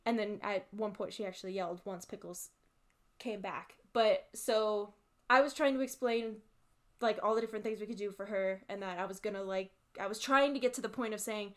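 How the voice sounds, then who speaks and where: A woman's voice: medium pitch, a little fast. A woman hosting, casually telling a long anecdote with fillers and frequent laughs while playing a game. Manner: animated, laughs often, fillers. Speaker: host. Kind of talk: casual storytelling while gaming.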